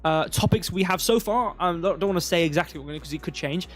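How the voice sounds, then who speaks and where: A man's voice: high voice, fast talker, fairly bright tone. A man hosting a live crypto stream, talking through charts in a rambling, casual way with lots of fillers. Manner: rambling, filler-heavy, thinking aloud. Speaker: crypto livestream host.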